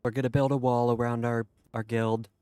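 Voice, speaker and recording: A man's voice: mid-range voice, level tone, brisk, mellow, smooth, dry recording, lightly acted. A man doing a boastful impression of a politician, bragging in repetitive superlatives.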